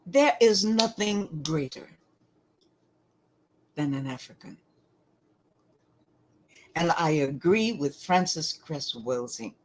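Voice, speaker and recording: A woman giving lecture-style commentary, deliberate and emphatic, often pausing to ask rhetorical questions. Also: low-pitched, expressive, low-quality recording.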